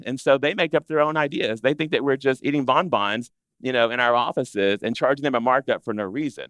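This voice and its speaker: A man presenting to an audience of interior designers in a chatty, animated way, acting out what clients say. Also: mid-range voice, fairly quick, dry recording. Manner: animated, conversational, acts out clients' complaints. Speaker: interior design business educator. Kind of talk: live presentation to a seated audience.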